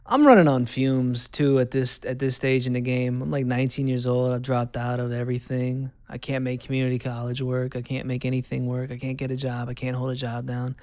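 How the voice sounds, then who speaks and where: A young man tells his own story in a candid, conversational way, circling back and repeating lines for weight. His voice is resonant but carries a gravelly edge. The recording is close and dry. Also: mid-range voice, level tone, brisk, few pauses, darkish tone, dry recording. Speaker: host. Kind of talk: personal testimony.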